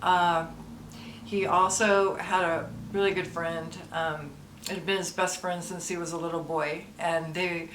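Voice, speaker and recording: Older mom, vlog storyteller, soft and halting, slightly low voice, distant mic in a roomy space. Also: female voice, level tone. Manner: soft, halting, with many ums and restarts, emotional. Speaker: vlogger, mother of an addict. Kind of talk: personal storytelling to camera. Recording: roomy echo, distant from the mic, faint ambient noise.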